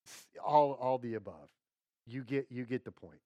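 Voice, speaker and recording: A pastor delivers a sermon in a folksy, conversational style, checking in with his listeners and lowering his voice to quiet tones for emphasis. His pitch is medium and his speed normal, with no room sound.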